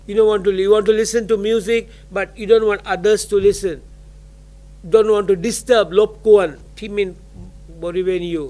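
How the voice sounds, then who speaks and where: A man's voice: high voice, steady tone, quick pace, warm tone. A man teaching a university class in a lecture style, drilling words aloud and mixing in Thai explanations. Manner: mixes English and Thai, drills vocabulary aloud.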